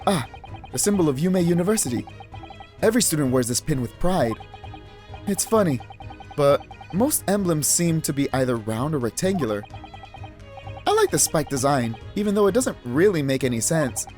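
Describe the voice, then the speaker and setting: Player voicing a young earnest student, exasperated, emphatic, raised pitch, lively. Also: moderate pace, pauses often, faint music behind, lightly acted. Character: earnest young Japanese male law student. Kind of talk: let's play voice acting.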